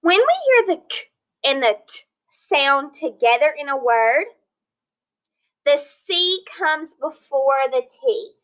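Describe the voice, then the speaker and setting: Bright-voiced woman teaching phonics. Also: high-pitched, very animated, rough recording. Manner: slow, clear, encouraging teacher talk, sounding out words. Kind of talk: recorded phonics lesson for children.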